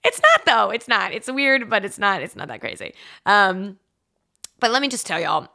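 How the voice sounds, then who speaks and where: Bright-voiced chatty woman. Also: medium pitch, very animated, normal speed, creaky. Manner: chatty and confessional, full of "like" and laughing asides. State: congested. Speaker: podcast host. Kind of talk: casual solo podcast storytelling.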